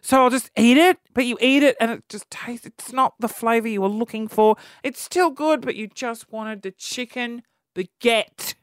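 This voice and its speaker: A man's voice: very high voice, normal speed, clean tone, dry recording, clean studio sound. A man in his thirties, hosting a podcast and telling exasperated, comedic stories about what annoys him. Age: 30s. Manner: exasperated, animated storytelling. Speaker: podcast host. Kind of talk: comedic rant.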